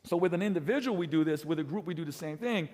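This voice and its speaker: A middle-aged man in full coaching mode, teaching other trainers with a fairly high voice that he pushes up and drops down for effect. He leans on his points and keeps checking in with "right?" The sound carries a long reverb from a large hall. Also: animated, quick pace. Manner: emphatic, swings pitch and loudness for effect, keeps asking "right?". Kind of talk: energetic coaching lecture.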